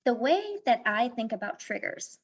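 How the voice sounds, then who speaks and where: A woman's voice: on the high side, moderate pace. A woman life coach being interviewed on a podcast, explaining things earnestly and mixing advice with personal stories. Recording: dull lo-fi sound.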